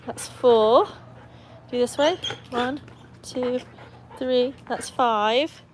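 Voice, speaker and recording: A woman's voice: a little high, drawn-out words, a little hiss or hum. An English woman hosting a casual livestream, chatting in a rambling way and reading viewer comments aloud. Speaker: livestream host with a trick dog. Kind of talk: casual live-stream chat.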